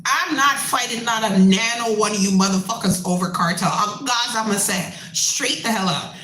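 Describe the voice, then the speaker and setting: A woman from Canada, a musician hosting her own show, ranting in a blunt, profane and animated way. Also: mid-range voice, moderate pace, reverberant, low-quality recording. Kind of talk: casual rant.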